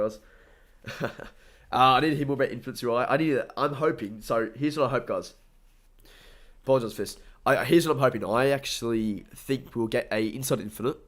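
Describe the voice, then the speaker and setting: A young Australian man with a stuffy nose, rambling casually on a live stream and thanking his viewers. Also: mid-range voice. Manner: rambling, chatty, upbeat, thanks viewers often.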